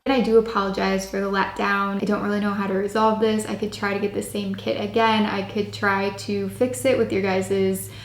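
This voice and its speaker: A woman's voice: little pitch movement, a little fast, few pauses. Dry-voiced young woman vlogger. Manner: dry, low-key delivery with little pitch range. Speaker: craft channel host. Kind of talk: casual product-testing vlog. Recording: echoey room with faint hiss.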